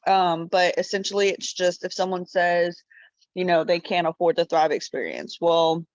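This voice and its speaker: A woman team member explaining a sales idea on a video call, in a relaxed, conversational way. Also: fairly low pitch, moderate pace, no echo. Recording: dull, dry video call audio.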